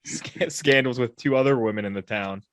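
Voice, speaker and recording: A man in a casual book discussion, animated and laughing, talking with lots of fillers. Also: mid-range voice, brisk, no room sound.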